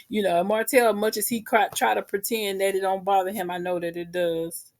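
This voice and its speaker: A woman's voice: medium pitch, flat delivery, brisk, a little mellow. A woman, casually recapping a reality show for her viewers in a chatty, sassy way.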